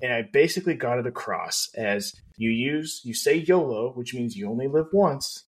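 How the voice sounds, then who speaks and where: A man's voice: mid-range voice, moderate pace, husky. A man co-hosting a podcast, telling a story in a casual way with lots of fillers and laughs. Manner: laughs often, lots of fillers, animated retelling. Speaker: podcast co-host.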